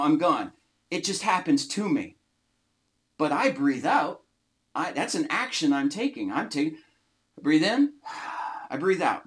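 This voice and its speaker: A man teaching an informal Bible study, explaining words slowly and stressing single words. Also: on the high side, fairly bright tone. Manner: slow, emphatic, often stressing single words.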